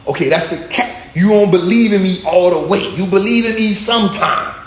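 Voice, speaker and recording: A man's voice: high-pitched, normal speed. A man giving a casual, slangy street-style sermon on his vlog. He talks animatedly, repeating phrases and checking in with his listeners. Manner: animated, repetitive, slangy and conversational. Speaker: vlogger preaching. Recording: echoey room, faint ambient hum.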